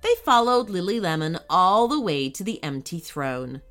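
A woman narrating a children's story in a slow, expressive way. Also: medium pitch, soft background music.

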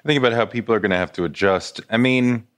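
A man's voice: fairly low pitch, fast, fairly bright tone. A man hosting a casual interview, asking rambling, searching questions full of fillers. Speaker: podcast interviewer.

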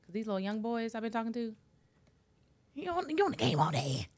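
A woman's voice: a little high, fairly quick. A young adult woman co-hosting a podcast, chatting casually, telling stories and laughing often. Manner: playful, laughs often, animated storytelling. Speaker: podcast co-host. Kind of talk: casual chat.

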